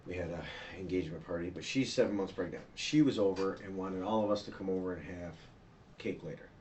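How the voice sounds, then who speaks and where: A man giving a rambling, fast account to police as a witness, restarting sentences and sketching a map while he talks. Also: low voice, a little mellow, slight background noise. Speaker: witness being interviewed by police. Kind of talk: police interview statement.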